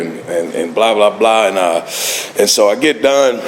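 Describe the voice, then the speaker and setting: A man's voice: fairly low pitch, expressive, moderate pace. A man giving a laid-back recovery talk at a meeting, laughing often as he tells stories. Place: meeting hall. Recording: echoey hall, faint ambient noise.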